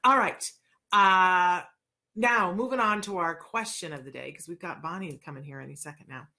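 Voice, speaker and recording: Casual host: a woman with a lowish voice who chats and rambles with her audience. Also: normal speed. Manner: chatty, rambling, warm asides and self-corrections. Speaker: show host. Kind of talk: casual radio talk show chat.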